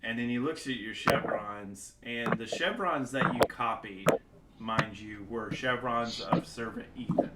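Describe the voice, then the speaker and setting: A man's voice: mid-range voice, measured pace, heavy background noise. A man narrating as a game master in a casual way, full of fillers and asides. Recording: echoey home setup.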